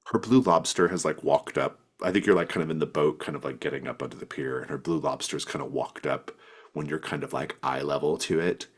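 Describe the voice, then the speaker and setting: A man's voice: very deep voice, brisk, husky. A man narrating as game master of a tabletop role-playing game, loosely, with lots of fillers. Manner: loose, rambling with many fillers.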